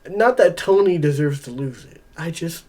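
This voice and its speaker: A man co-hosting a wrestling podcast in casual chat, easygoing and quick to chuckle. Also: on the high side, expressive, darkish tone. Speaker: podcast co-host.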